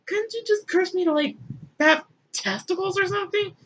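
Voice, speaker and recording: A woman's voice: very high voice, normal speed, a bit bright, highs cut off, slight background noise, pitched above the performer's own voice. A woman voicing a whiny, put-upon first man, pleading.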